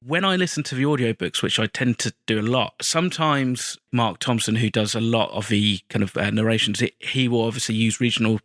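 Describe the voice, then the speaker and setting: A man's voice: medium pitch, fairly quick, hardly any pauses, fairly bright tone, dry recording, clean studio sound. A British man co-hosting a casual podcast chat, discursive and hedging his points with many qualifiers. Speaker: podcast co-host.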